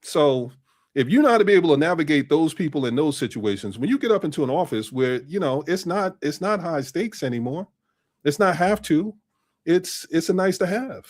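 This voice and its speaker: A man's voice: on the high side, animated, normal speed. A man in his fifties, a guest on a casual interview, telling stories in a mix of street slang and business talk and repeating his phrases.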